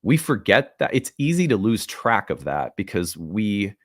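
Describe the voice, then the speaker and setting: A man hosting an astrology video in a casual talk, animated and self-deprecating, laughing at his own jokes, recorded at home. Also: fairly low pitch, a little slow, no echo, clean studio sound. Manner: self-deprecating, playful asides. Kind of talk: casual solo talk to camera. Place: home room with open windows.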